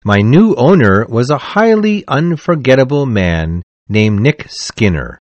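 A man reading a novel aloud as an audiobook, in a measured, expressive storytelling manner. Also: mid-range voice, no echo, highs cut off. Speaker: audiobook narrator. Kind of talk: scripted audiobook narration.

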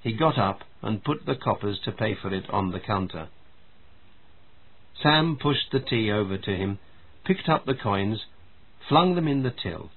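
A man narrates a story at an unhurried, measured pace. His voice is husky and mid-pitched, and the sound is narrow and tinny, like a phone line. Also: lively intonation. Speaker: story reader.

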